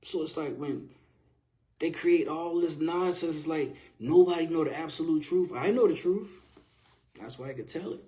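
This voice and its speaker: A man's voice: fairly high pitch, moderate pace, mellow. A man passionately recounting a personal story in casual, slang-filled conversational speech. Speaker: vlogger telling his own story.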